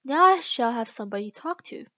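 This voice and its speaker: A woman's voice: a little high, lively intonation, fast talker, a bit bright, no room sound. Polite, timid young girl, read by a woman; storybook voice, dry and lo-fi.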